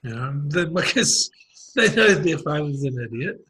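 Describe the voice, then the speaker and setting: A man's voice: fairly high pitch, lively intonation, normal speed, a bit bright, slightly rough, rough recording. A man with a New Zealand accent chatting casually, telling a story in a rambling way with many restarts and fillers. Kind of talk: casual conversational chat.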